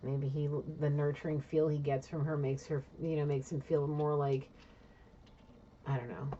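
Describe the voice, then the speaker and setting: Low-voiced woman giving a blunt psychic reading. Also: fairly even intonation, moderate pace, dark tone, a little hiss or hum. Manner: talks to spirit aloud, asking and answering her own questions; blunt, swears casually. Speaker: intuitive reader. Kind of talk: casual solo psychic reading. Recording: dull lo-fi recording.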